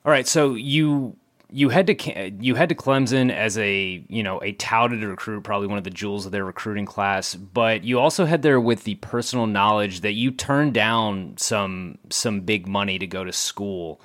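A man's voice: lowish voice, moderate pace, fairly bright tone. A man hosting an interview, asking long, layered questions. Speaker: interviewer host.

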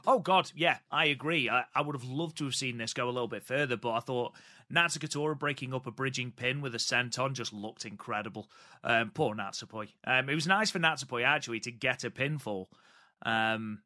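A man's voice: mid-range voice, pushed and bright. A man co-hosting a podcast, reviewing wrestling matches in a casual, hesitant way with many filler sounds. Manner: hesitant, many ums, measured opinions. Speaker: podcast co-host.

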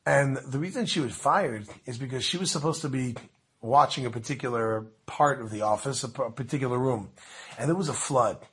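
A man casually telling a religious story in a lively way, full of restarts and asides. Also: mid-range voice, fairly quick, husky.

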